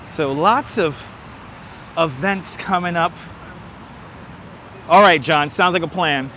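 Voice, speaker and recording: This livestream host walks city streets at a slow pace, his fairly high voice pushed and bright. He chats with enthusiasm over a wireless clip-on mic, naming viewers as he greets them and reading out their comments; a little hiss or hum is audible.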